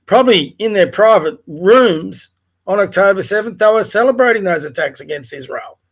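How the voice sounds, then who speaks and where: An Australian man with a fairly high voice delivers a furious rant on his livestream. He talks bluntly, swears often and fires off heated rhetorical questions. He sounds like he is speaking from home. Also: animated, normal speed. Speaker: livestream host. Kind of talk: angry political rant. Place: home, in front of a TV.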